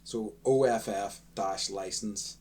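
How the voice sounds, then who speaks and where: A man's voice: lowish voice, slow, a little mellow. Laid-back Irish man chatting. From Ireland. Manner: rambling, chuckling explanations. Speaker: podcast co-host. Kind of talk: casual podcast chat.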